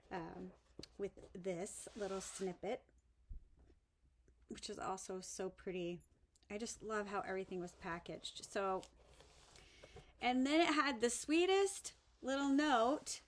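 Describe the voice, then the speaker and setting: A woman vlogging a craft haul in a casual show-and-tell style, gushing over each item and dropping to soft whispers. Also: mid-range voice, a little hiss or hum.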